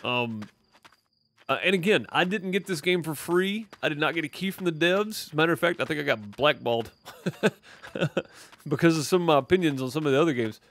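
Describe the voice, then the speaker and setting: This gaming streamer, who has a Mississippi Southern accent, speaks briskly and expressively in a slightly bright voice on the higher side. He rambles through casual gameplay commentary, answering chat with lots of filler words.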